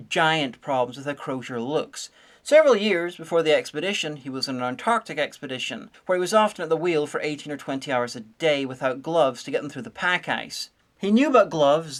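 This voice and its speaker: A woman giving a sarcastic, nitpicking comedic review, full of deadpan asides. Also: sits low. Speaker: video reviewer.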